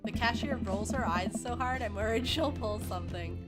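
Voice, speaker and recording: A woman's voice: a little high, moderate pace. A woman streamer reading a visual novel aloud in a wry, playful, casual way. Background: loud game music.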